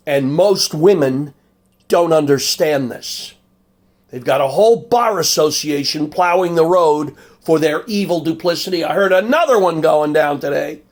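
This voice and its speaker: Blunt older man, combative rant. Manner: blunt, combative, drops low and quiet for menace. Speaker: commentator reacting to a clip. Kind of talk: angry monologue with storytelling.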